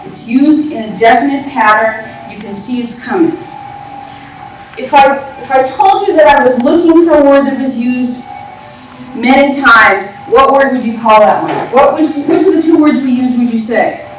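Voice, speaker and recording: A woman teacher leading a group reading, brisk and directive, prompting the room. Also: high-pitched. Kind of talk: classroom teaching. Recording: echoey room from far off, faint noise.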